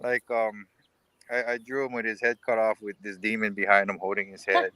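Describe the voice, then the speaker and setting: A man's voice: lowish voice, little pitch movement, fairly quick, bright, forceful tone, no room sound. A man guesting on a livestream over a video call, laid-back and rambling, full of fillers. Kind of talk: casual livestream chat.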